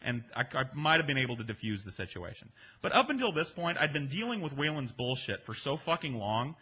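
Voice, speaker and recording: Casual male storyteller, bright husky voice. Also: mid-range voice, fairly quick. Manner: conversational, profane, animated in places.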